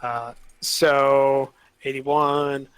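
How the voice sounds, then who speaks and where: A man's voice: medium pitch, little pitch movement, extremely slow, fairly bright tone, clean tone, no room sound, soft background music. A man acting as game master of a tabletop role-playing game, explaining rules and narrating scenes, often trailing off into fillers.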